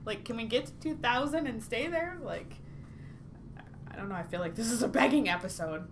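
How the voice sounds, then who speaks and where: A woman's voice: fairly high pitch, animated, normal speed, a little hiss or hum. A woman co-hosting a casual podcast chat who giggles often between her lines. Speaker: podcast co-host.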